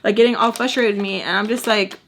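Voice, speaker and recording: Speaking quickly with fairly even intonation, a young woman shares a casual storytime in a medium-pitched, fairly bright voice. As a storytime vlogger, she's chatty and sassy and acts out people's lines. There's slight background noise.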